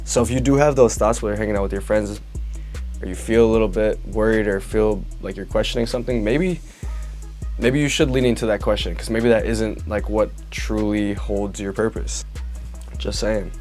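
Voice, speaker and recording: A young man in the cast reacts to the film in slang-heavy, enthusiastic commentary. His voice sits somewhat low, with faint music behind him. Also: moderate pace, darkish tone.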